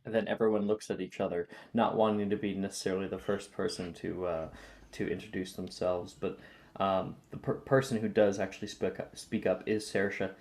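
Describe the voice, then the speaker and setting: Male game master, relaxed filler-heavy scene narration. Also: low voice, a little fast.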